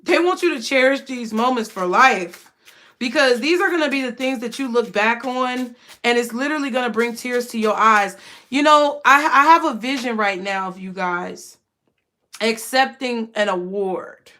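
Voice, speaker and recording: A young woman with a fairly high voice talks to her viewers in a casual spiritual reading. She gets emotional, repeats herself and keeps calling them y'all. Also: moderate pace, pushed and bright. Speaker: tarot reader.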